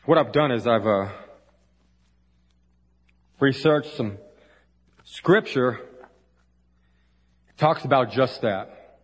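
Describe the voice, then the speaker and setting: Man, pastor, folksy conversational sermon, long church reverb, medium pitch. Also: slow pace, pauses often. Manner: conversational, folksy, with fillers and asides. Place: church sanctuary.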